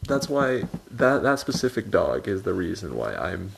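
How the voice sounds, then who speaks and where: A man's voice: fairly low pitch, normal speed, gravelly, noisy background. A young man co-hosting a podcast, telling stories in casual chat and laughing often. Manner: animated storyteller, laughs often. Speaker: podcast co-host.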